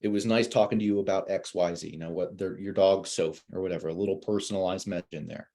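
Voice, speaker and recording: A man, an insurance agent, telling sales stories in a casual, animated way and acting out callers in a higher voice. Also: quick pace. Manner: many fillers and restarts. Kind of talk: casual webinar talk.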